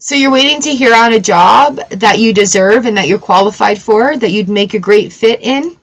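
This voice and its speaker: A woman's voice: a little high, normal speed, slightly rough. A woman giving a live-streamed tarot reading in a chatty, emotional way, weepy and laughing often. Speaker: tarot reader.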